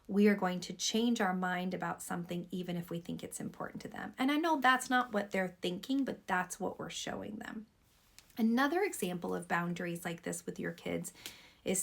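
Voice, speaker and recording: Earnest woman with a gravelly edge. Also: mid-range voice. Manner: earnest, advising parents directly. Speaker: pediatrician. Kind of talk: talking to camera.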